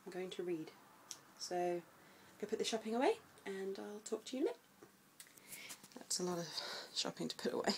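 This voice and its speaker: Chatty mum vlogging at home. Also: female voice, moderate pace, slight background noise, rough recording. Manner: chatty, switches to high sing-song baby talk. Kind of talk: casual vlog chat.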